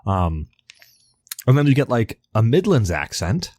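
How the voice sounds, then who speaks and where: A man's voice: mid-range voice, sing-song, measured pace, darkish tone, no echo. A man co-hosting a podcast in rambling, casual chat, swearing now and then, from the New York area. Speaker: podcast co-host.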